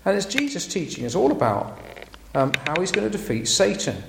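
A man preaches in an animated voice that rises and falls for emphasis. His voice has a gravelly edge, and the room rings with echo. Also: high-pitched, brisk, background noise. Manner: lively, emphatic, frequent ums. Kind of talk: sermon. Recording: echoey room.

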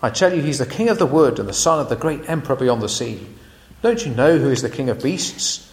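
A man reading aloud as Mister Beaver, a pompous male beaver from a storybook, in a loud, plummy broadcaster voice. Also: mid-range voice, lively intonation, fairly quick, lightly acted. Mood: indignant. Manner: loud, declaiming, posh broadcaster tone. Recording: echoey room.

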